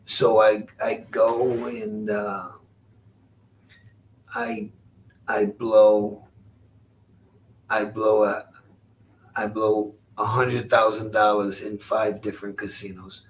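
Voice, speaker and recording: A man in his sixties, a former boxer, telling stories as an interview guest in a halting, rueful way, often repeating his words. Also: on the low side, flat delivery, recorded from a distance, a little hiss or hum. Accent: Rhode Island. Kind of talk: storytelling interview.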